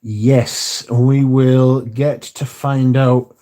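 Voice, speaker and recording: A man's voice: medium pitch, fairly even intonation, slow, few pauses, dark tone. A man hosting a casual livestream, reading viewer comments aloud and answering them, swearing casually. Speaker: livestream host reading chat.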